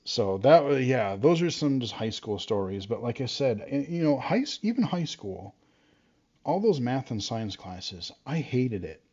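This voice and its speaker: A man's voice: mid-range voice, sing-song, unhurried, darkish tone, breathy edge. A man telling stories from school in a casual, rambling way, full of fillers and restarts. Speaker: vlogger. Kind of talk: casual storytelling. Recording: dull lo-fi sound.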